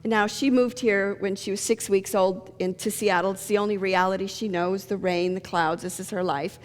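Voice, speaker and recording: A woman's voice: medium pitch, fairly even intonation, moderate pace. A middle-aged woman pastor giving a sermon, telling stories and jokes. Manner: storytelling with jokes. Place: church sanctuary. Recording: long church reverb.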